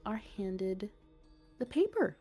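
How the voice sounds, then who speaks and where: A woman narrating a tabletop role-playing game as game master, unhurried and filling pauses with ums and uhs. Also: mid-range voice, very animated, mellow, husky, soft background music.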